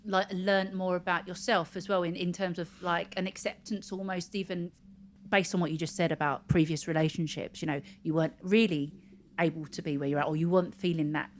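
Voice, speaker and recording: A woman hosting a casual interview, encouraging her guest and quick to laugh along. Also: on the low side, fairly even intonation, a little hiss or hum. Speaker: host.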